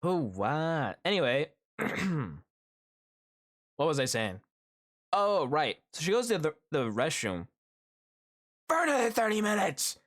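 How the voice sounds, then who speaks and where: A middle-aged man streaming live, telling a story about his workday to his chat in a lively, animated way and acting out the people in it. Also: a little high, slow, pauses often. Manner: animated storytelling, acts out quoted coworkers. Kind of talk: casual chat with viewers.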